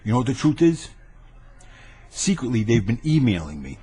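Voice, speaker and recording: A man delivers an angry, boastful rant straight into his webcam. His voice is husky and middle-pitched, and he keeps hammering the same phrases for emphasis. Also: big pitch swings, moderate pace, mellow. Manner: combative, boastful, repeats lines for emphasis. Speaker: vlogger ranting to camera. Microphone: webcam mic.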